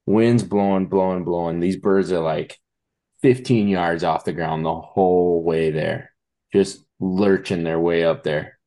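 Low-voiced man, slow deliberate delivery, animated storyteller among friends. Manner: vivid, animated retelling. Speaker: hunting buddy. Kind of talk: casual storytelling chat.

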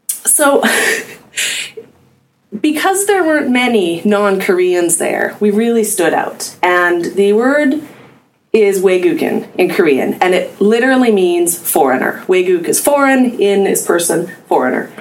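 Animated woman telling a story. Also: medium pitch. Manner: animated storytelling with acted-out dialogue. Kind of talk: personal anecdote.

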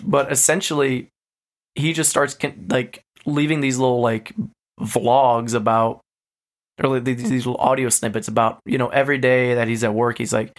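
Animated man retelling a story. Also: mid-range voice, normal speed. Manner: animated retelling, many fillers. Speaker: podcast co-host. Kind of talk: casual chat.

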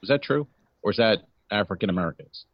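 A man's voice: fairly low pitch, lively intonation, quick pace, no room sound, highs cut off. A man in casual chat as a podcast co-host, blunt, profane and wisecracking.

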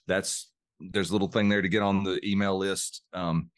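Middle-aged male guest with a very low voice, earnest and emotionally open, dry close mic. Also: fairly even intonation, normal speed, no room sound. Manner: earnest, open about emotion, repeats words while searching. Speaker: podcast guest, mind coach. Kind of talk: reflective interview storytelling.

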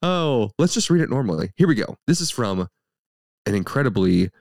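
Animated low-voiced man joking. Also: brisk, creaky, no room sound, clean studio sound. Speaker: podcast co-host. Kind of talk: casual chat.

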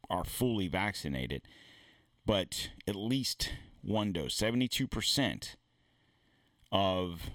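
In a casual monologue on his own podcast, a male host rants bluntly and profanely, rambling and often starting over. His voice sits low with a slightly bright quality, and there is no room sound.

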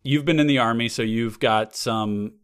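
A man co-hosting a podcast, chatting loosely and joking around. He laughs easily and spins each idea into a bigger bit. His voice sits in an ordinary middle pitch. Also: normal speed, fairly bright tone, smooth. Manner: playful, laughs often, riffs on bits. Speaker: podcast co-host. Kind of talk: casual comedic chat.

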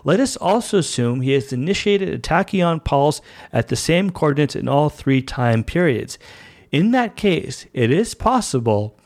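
A man's voice: a little high, very animated, a little slow, a little mellow. A man reading a precise, formal android officer. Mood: intrigued.

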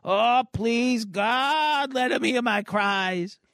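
A man voicing a panicked teenage boy trapped in a burning house, pleading in a high, strained voice. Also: extremely slow, fairly bright tone, dry recording, heavily acted.

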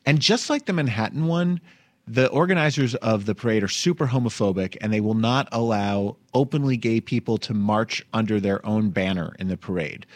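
A man's voice: on the low side, moderate pace, no room sound. A man, hosting a comedic news podcast in a chatty, wry way and laughing as he talks. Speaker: podcast host. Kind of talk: casual comedic news chat.

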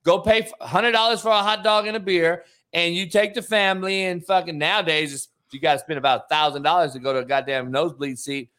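A man's voice: a little high, steady tone, quick pace, hardly any pauses, pushed and bright. A man hosting a casual sports debate show, brash and profane, often laughing and ribbing his co-host.

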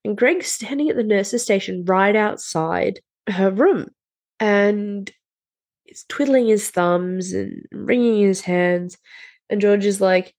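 A woman's voice: medium pitch, slow pace, a little mellow. Blunt, swearing woman. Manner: blunt and matter-of-fact, swears freely. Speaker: podcast co-host. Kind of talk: casual chat recapping a TV show.

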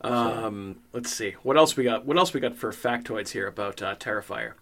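A man's voice: lowish voice, moderate pace, fairly bright tone. A man co-hosting a podcast, in loose banter full of swearing and laughter. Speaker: podcast co-host. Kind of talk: casual chat.

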